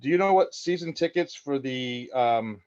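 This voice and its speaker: A man's voice: mid-range voice, normal speed, smooth, no room sound, muffled recording. Middle-aged storytelling man from Indiana. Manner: animated storyteller, acts out quotes. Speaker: podcast guest. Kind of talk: casual chat.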